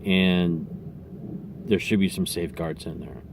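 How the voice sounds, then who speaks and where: A man's voice: low-pitched, a little slow, vocal fry, noisy background. A man talking straight to camera in a casual opinion monologue, rambling a little with restarts and asides. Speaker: vlogger.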